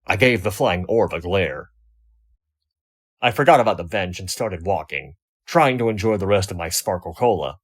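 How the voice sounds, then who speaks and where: A man reading a first-person fan fiction story aloud, wry and expressive. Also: low-pitched, normal speed. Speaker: audiobook reader.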